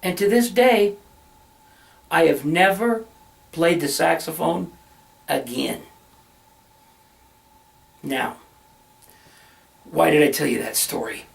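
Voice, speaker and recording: A man's voice: fairly high pitch, slow pace, vocal fry, long pauses, recorded from a distance. A middle-aged man, a minister, telling a personal story in earnest, conversational sermon style.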